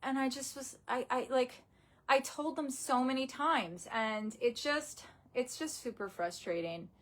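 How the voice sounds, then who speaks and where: Young adult woman, slightly high voice, grieving vlogger. Halting, upset delivery, near tears, lots of restarts. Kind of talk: emotional personal story.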